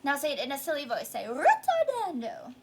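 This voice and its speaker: A woman's voice: sits high, racing, a bit bright, a little hiss or hum. A young woman teaching an online piano lesson, explaining patiently step by step and encouraging her student.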